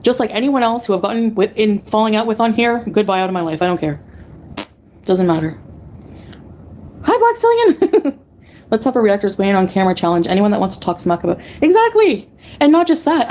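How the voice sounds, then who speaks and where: A woman's voice: medium pitch, fast talker, mellow, a little hiss or hum. A woman livestreamer ranting angrily at her chat, profane and dismissive.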